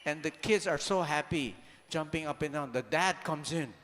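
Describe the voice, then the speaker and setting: A man with a slightly high voice gives an animated motivational talk, throwing rhetorical questions at the crowd and now and then breaking into a shout. His voice rings out with a long reverb, as if he were in a large hall. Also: moderate pace, a little hiss or hum. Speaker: speaker.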